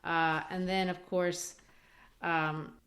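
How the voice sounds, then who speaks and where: A woman's voice: lowish voice, level tone, slow pace, a bit bright. Thoughtful woman discussing literature. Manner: thoughtful, reads quotes aloud with small voice changes. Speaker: podcast co-host.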